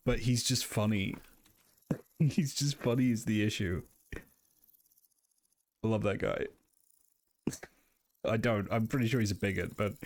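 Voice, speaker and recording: Guy streaming a game, kinda low voice, mumbles to himself and cusses, laughs easy. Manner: casual, muttering to himself, swearing, laughing often. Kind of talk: live game stream commentary.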